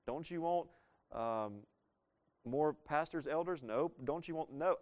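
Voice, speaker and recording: A man's voice: a little high, takes it slowly, darkish tone. A man preaching a sermon as pastor, earnest and emphatic, asking the congregation rhetorical questions and repeating phrases for weight.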